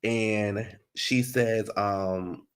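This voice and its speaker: A man giving a casual recap of a reality TV episode. He is sassy and animated, jumping between loud outbursts and muttered asides. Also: lowish voice, very slow, smooth.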